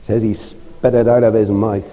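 A man preaching an evangelistic sermon in a church, pleading fervently and climbing high on his appeals. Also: little pitch movement, normal speed, muffled recording. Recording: long reverb of a large hall.

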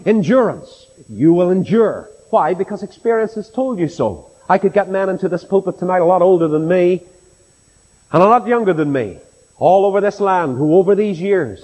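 A man's voice: sits high, darkish tone. A middle-aged man with a Northern Irish accent preaching a sermon in a church, impassioned and rhetorical, mimicking his doubters. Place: church with a long reverb. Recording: reverberant church hall.

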